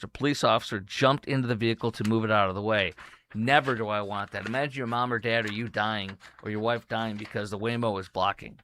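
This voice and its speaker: A man's voice: lowish voice, a bit bright, clear, resonant tone, dry recording. A man hosting a talk show, reading headlines aloud and breaking off with incredulous comments. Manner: reads headlines then comments, incredulous asides. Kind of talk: casual news commentary.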